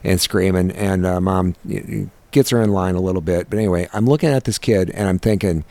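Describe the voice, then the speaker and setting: A man's voice: low voice, dark tone, no room sound. A tired man in his forties telling a story with swearing and exasperation, stumbling and restarting as he goes. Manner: exasperated, profane, halting storytelling. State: tired from lack of sleep. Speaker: podcast co-host. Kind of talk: casual chat.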